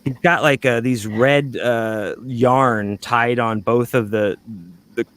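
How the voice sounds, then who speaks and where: A man's voice: mid-range voice, fairly even intonation, slow pace, noisy background. A man telling a long anecdote on a podcast in casual, rambling talk, full of fillers and swearing. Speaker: podcast guest.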